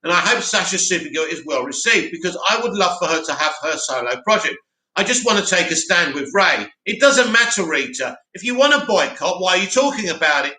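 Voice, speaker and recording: A man's voice: high-pitched, sharp tone, echoey room, poor audio. A man with a sore throat hosting a casual livestream, reading chat comments aloud and giving blunt opinions.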